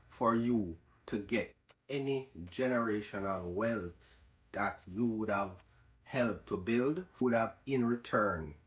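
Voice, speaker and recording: Man, low voice, slow and deliberate, arguing a point; muffled lo-fi recording. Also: a bit bright. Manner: measured, argumentative. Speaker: commenter replying to a clip. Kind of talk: casual commentary to camera. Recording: dull lo-fi audio.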